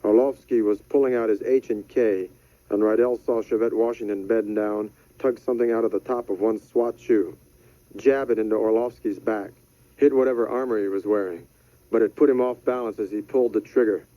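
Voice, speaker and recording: A man narrating a thriller audiobook in a measured, deadpan manner. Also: fairly low pitch, no room sound. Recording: dry, slightly dull studio audio.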